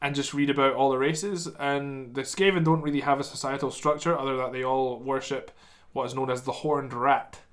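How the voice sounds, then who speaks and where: A man's voice: mid-range voice, fairly even intonation, fairly quick, fairly bright tone. A man co-hosting a podcast, talking enthusiastically about fantasy games and laughing often. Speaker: podcast co-host. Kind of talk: casual chat.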